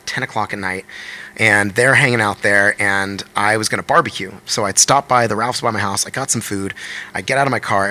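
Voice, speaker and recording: Man, 30s, podcast guest, rapid-fire storytelling, bright forceful tone, profane and animated. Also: fairly low pitch. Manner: animated, profane, acts out quotes. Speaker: podcast guest, touring musician. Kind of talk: casual storytelling chat.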